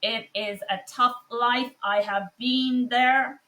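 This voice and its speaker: A woman physician speaking a personal commentary monologue, passionate and emphatic with frequent pauses. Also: a little high, steady tone, sharp tone. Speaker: physician and online course teacher.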